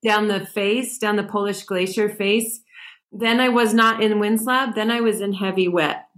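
A woman being interviewed, talking in a relaxed, chatty way and laughing often. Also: mid-range voice, normal speed. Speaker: podcast guest, ski mountaineer. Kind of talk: casual interview chat.

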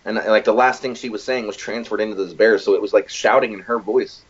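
A man co-hosting a casual podcast chat, retelling a film in a rambling, profane, animated way. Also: on the low side, fairly quick, breathy edge, dull audio. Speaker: podcast co-host.

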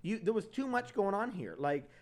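A man's voice: high-pitched, normal speed. A man co-hosting a podcast, talking casually and animatedly about a TV show, swearing and acting out quotes. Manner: animated, swears, quotes others in exaggerated voices. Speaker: podcast co-host. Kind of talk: casual chat reviewing a TV show.

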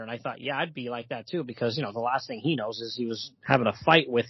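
Podcast co-host, male, husky, reads comic lines aloud, dull lo-fi recording. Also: medium pitch, fast, no echo. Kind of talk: casual comic book discussion.

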